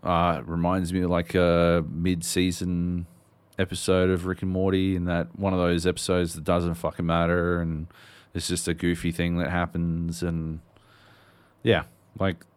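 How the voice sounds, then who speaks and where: A very deep-voiced man chatting casually on a podcast, loose and rambling with plenty of swearing. The sound is dry and close, with no room around it. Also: completely flat delivery, unhurried, clear, resonant tone, dry recording. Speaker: podcast co-host. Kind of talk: casual chat.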